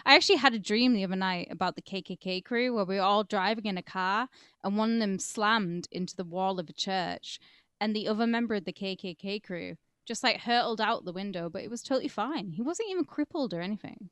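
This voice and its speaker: A woman's voice: medium pitch, fairly quick, fairly bright tone, clear, resonant tone, dry recording. A woman co-hosting a podcast, trading bawdy jokes in casual banter and laughing easily. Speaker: podcast co-host.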